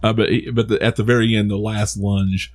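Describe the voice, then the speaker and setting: A man's voice: fairly low pitch, level tone, fairly quick. A man co-hosting a podcast, chatting casually about a movie with a lot of restarts and self-amused laughs. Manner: rambling, many restarts, laughs at his own jokes. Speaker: podcast co-host. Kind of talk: casual movie review chat.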